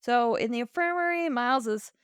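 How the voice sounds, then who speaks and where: A woman's voice: fairly high pitch, fairly quick, clear, resonant tone, dry recording, studio quality. A woman co-hosting a podcast, recapping an episode in casual chat, laughing often and acting out the characters' lines. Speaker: podcast co-host.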